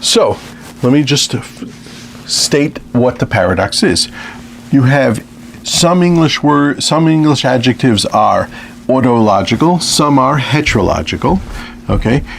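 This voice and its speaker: A man lecturing on mathematics with a lively, up-and-down delivery and a gravelly edge to his voice. He keeps checking in with his listeners as he works through examples. A faint hiss sits under the recording. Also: mid-range voice, unhurried. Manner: lively, repeats "okay" as a check-in. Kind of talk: math lecture.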